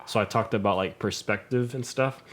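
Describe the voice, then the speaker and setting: A man's voice: lowish voice, moderate pace, fairly bright tone, slight background noise. Young man telling a rambling story. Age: young adult. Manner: rambling, heavy on "like" fillers. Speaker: podcast guest. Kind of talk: casual storytelling.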